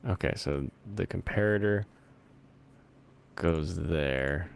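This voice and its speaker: Guy with a lowish voice rambling thru a video game, laughs easily, thinks out loud. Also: slow, gravelly, smooth. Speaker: host. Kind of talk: casual chat while playing a video game.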